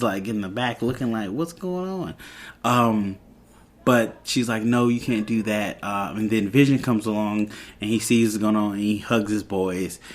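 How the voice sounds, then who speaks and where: A man hosting a podcast, casually retelling a TV episode and acting out the characters' lines as he goes. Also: lowish voice. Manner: rambling retelling with quoted lines. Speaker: podcast host.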